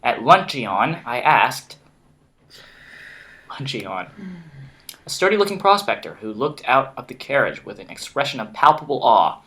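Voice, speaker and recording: A man's voice: medium pitch, expressive, a little slow, long pauses, bright, forceful tone. A man playing a story game with a friend, reading the narration aloud in a casual way, stumbling over words and restarting. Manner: reads narration with slips and restarts, laughs often. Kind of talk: casual let's-play chat and reading aloud.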